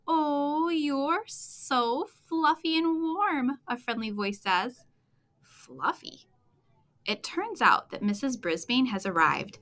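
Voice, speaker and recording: Woman reading a kids bedtime story out loud, super animated, bright voice. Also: medium pitch. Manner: expressive, animated, playful. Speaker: storytime reader. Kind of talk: children's bedtime story read-aloud.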